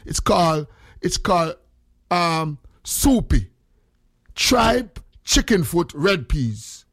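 A man with a Jamaican accent hosting a casual chat, telling stories in an animated way and slipping into patois. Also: a little high, takes it slowly, no room sound, studio quality. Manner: animated storyteller, mixes in patois.

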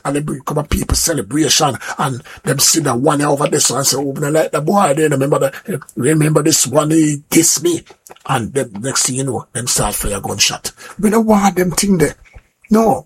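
A man's voice: on the high side, breathy edge. An older man with a Jamaican accent hosting a radio show, rambling in casual talk that repeats words and slips into patois. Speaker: radio host.

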